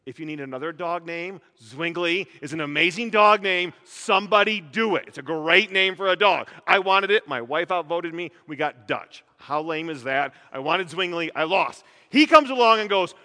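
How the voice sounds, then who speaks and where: A male pastor preaching with a high, bright voice, animated and full of jokes and rhetorical questions. His voice rings out with the long reverb of a large church hall. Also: moderate pace, hardly any pauses. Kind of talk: sermon.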